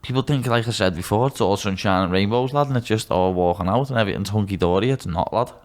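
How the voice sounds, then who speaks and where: A man's voice: fairly low pitch, quick pace. A man in his twenties with a Liverpool accent, a podcast guest chatting bluntly and swearing freely. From Liverpool, England. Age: 20s. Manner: blunt and sweary, calls people "lad". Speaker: podcast guest, mixed martial arts fighter. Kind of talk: casual chat.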